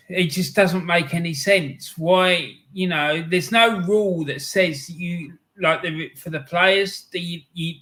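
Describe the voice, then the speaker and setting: A man's voice: a little high, pushed and bright. A man hosting a casual football podcast interview, chatty and agreeable as he asks questions.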